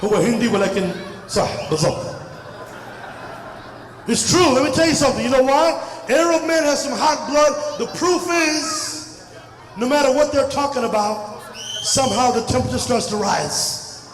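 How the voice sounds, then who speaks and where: High-voiced shouting stand-up comic in echoey hall. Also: male voice, moderate pace, a little hiss or hum. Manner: loud, animated crowd work, frequently shouting. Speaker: stand-up comedian. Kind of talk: stand-up comedy set. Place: large crowded festival hall. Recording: echoey hall, far from the mic.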